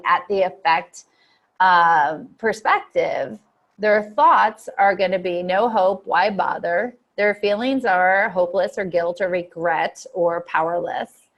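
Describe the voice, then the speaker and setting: A woman's voice: mid-range voice, fairly bright tone, muffled recording. A woman coach teaching an online lesson for coaches, explaining steadily with frequent fillers and acting out client quotes. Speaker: coach trainer.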